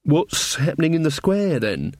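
A man voicing a prim, earnest young queen who speaks slowly and formally. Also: fairly high pitch, sing-song, no echo, studio quality. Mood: haughty.

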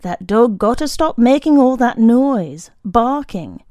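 Woman voicing older housewife, matter-of-fact, fretful, mellow, dry. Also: fairly high pitch, animated, slow, no echo. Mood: worried.

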